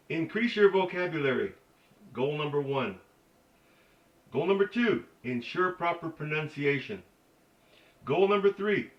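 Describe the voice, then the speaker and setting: Halting man teaching, echoey distant sound. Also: a little high. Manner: halting, many fillers and restarts, joking asides. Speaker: language teacher. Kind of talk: casual spoken language lesson. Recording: echoey dull recording from a distance.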